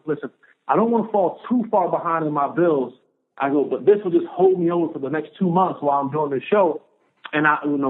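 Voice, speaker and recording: A man in his thirties, a guest on a podcast, telling a personal story in an animated way and acting out the voices of the people in it. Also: on the high side. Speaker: podcast guest, former pro football player. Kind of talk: storytelling in an interview. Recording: narrow phone-like sound.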